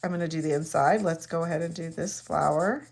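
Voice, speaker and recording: This middle-aged woman's voice sits low and sounds gravelly yet a little mellow, with fairly even intonation and a slightly fast pace. She chats casually through a crafting tutorial, rambling and poking fun at herself as she demonstrates.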